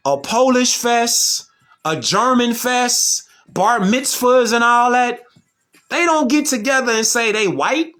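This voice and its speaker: Animated high-voiced man, bright and lively. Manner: animated, emphatic, slangy, rhetorical questions. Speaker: vlogger. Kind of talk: casual monologue.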